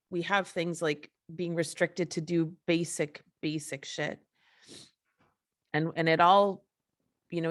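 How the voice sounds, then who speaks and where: A woman host giving an emotional solo monologue, impassioned and profane, full of restarts and rhetorical questions. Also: deep voice. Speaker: podcast host.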